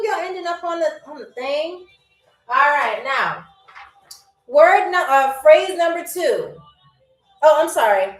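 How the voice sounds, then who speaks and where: A young woman hosting a live-stream trivia game, chatty and playful, teasing viewers by name and repeating phrases slowly. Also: on the high side, reverberant, low-quality recording. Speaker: game show host.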